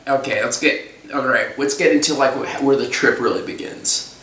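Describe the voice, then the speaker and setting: A young man rambling casually about a strange experience, halting and restarting, slipping into goofy voices and laughing. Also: medium pitch, bright, forceful tone, echoey room, distant mic, a little hiss or hum, low-quality recording. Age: young adult. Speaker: storyteller recounting a trip.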